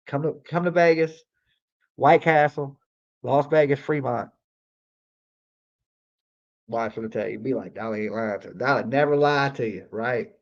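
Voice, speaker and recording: A man's voice: medium pitch, darkish tone. Profane rambling man, muffled lo-fi audio. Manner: profane, rambling, repeats himself, heavy use of "like". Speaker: livestream host. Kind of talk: casual live-stream storytelling.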